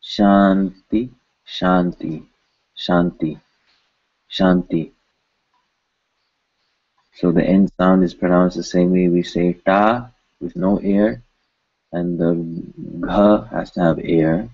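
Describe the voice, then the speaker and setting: A man's voice: low voice, level tone, slow pace, vocal fry, long pauses, highs cut off. A man teaching pronunciation, patiently repeating each word several times. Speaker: language teacher. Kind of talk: pronunciation lesson.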